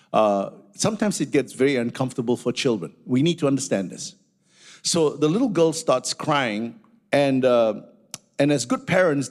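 A man preaching a sermon as pastor, animated and storytelling, dropping frequent hallelujahs. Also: mid-range voice, vocal fry.

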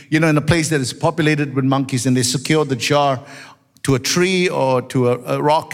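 An animated man pastor preaching a story-filled sermon and rising to shouts at its peaks. His voice sits fairly high for a man. A long reverb from the church hall trails behind every phrase.

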